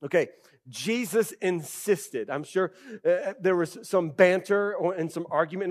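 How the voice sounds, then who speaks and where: High-voiced pastor preaching animatedly. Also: male voice, a little slow. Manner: animated preaching with sudden loud bursts; conversational, with frequent fillers like "okay" and "right". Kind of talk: sermon.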